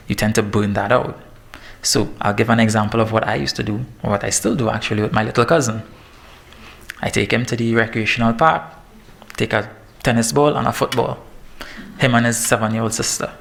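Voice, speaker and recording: Gravelly low man. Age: 30s. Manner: lively and joking, laughs at himself. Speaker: fitness trainer giving a talk. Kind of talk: presentation to parents.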